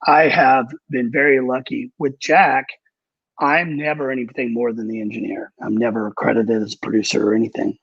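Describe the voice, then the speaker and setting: A man with a gravelly, husky voice tells candid, profane stories from years of studio work. His casual interview talk is animated. The audio is dry and dull, with a muffled, lo-fi sound. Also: mid-range voice, normal speed, no room sound. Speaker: recording engineer and producer. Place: Nashville.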